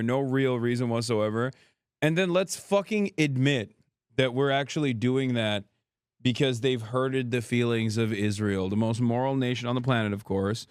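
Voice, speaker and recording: A man's voice: medium pitch, clean tone, no room sound, studio quality. A man streaming casually, riffing with sarcastic, profane commentary and frequent laughter. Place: indoors, abroad on a trip.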